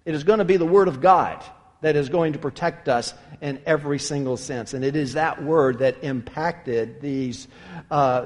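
A man preaching a sermon as a pastor, emphatic and animated, often restarting phrases. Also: a little high, big-room sound.

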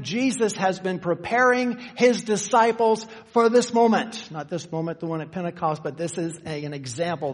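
A man preaching a sermon, teaching conversationally and shifting from slow, stressed phrases to quick asides. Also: on the high side. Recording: long reverb of a church hall.

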